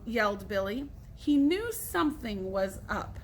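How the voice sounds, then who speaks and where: A woman teacher reading a children's novel aloud, with clear pacing and asides to her listeners. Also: a little high, lively intonation, moderate pace, fairly bright tone.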